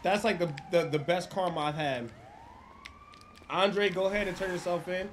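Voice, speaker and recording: A man's voice: high voice, normal speed, slight background noise. A man streaming a roleplay game, chatting casually, swearing freely and explaining rules to other players. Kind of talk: casual livestream chat.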